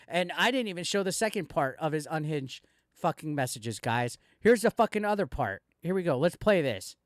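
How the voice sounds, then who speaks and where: A man's voice: a little high, lively intonation, normal speed, no echo, studio quality. A man hosting a commentary video, ranting angrily and swearing constantly as he speaks directly to a rival. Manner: profane, heated ranting addressed straight at a rival. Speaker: commentary channel host. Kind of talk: angry reaction commentary.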